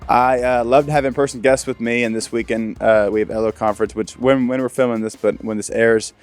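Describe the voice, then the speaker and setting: A man's voice: medium pitch, fairly even intonation, a little fast, no echo, faint music behind. Chatty young male podcast host, dry sound. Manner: chatty, rambling, many restarts. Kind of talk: casual interview chat.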